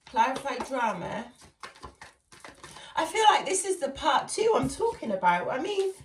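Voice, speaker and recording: A woman's voice: extremely high pitch, sing-song, a little fast, slight background noise. A woman doing a casual tarot reading, chatty and laughing often as she talks to her viewers. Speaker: tarot reader. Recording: echoey room, far from mic.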